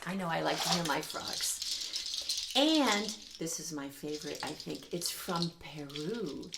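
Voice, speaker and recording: A woman's voice: low-pitched, expressive, slow pace, vocal fry, very noisy. A woman children's musician leading an interactive sing-along, cheerful and teacherly, coaxing the audience to join in. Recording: roomy sound with loud guitar.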